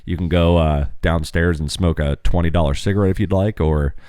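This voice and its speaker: A man's voice: sits low, fairly even intonation, brisk, darkish tone, clear, resonant tone, no echo, clean studio sound. A man hosting a casual radio show, teasing and cracking jokes at his co-host. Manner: wisecracking, teasing.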